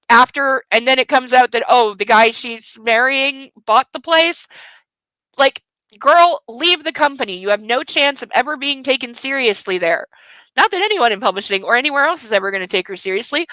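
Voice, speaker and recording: A woman's voice: high voice, bright, forceful tone, dry recording, rough recording. A woman hosting a book show, ranting in profane, sarcastic, exasperated commentary. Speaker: host.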